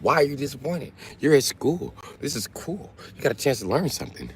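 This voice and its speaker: A man voicing a puzzled preschool teacher gently questioning a child. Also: mid-range voice, big pitch swings, brisk, a little hiss or hum, voice pushed up. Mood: coaxing. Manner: questioning, coaxing.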